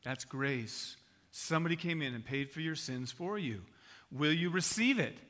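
A male pastor preaching a sermon, telling a story with animated energy and then dropping to a hushed, earnest appeal. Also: a little high, moderate pace.

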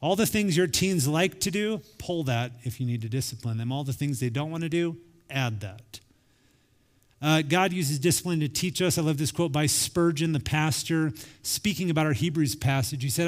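A man's voice: a little high, normal speed. A man in his forties preaching a sermon to parents in a conversational way, acting out quotes now and then. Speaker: pastor. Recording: long hall reverb.

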